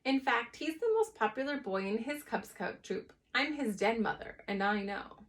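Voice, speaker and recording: A woman reading to children voices a brisk neighbor lady, firm and matter-of-fact. She talks plainly, as if nothing escapes her. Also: fairly high pitch, lively intonation, distant mic, lightly acted. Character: brisk, no-nonsense neighbor woman, den mother.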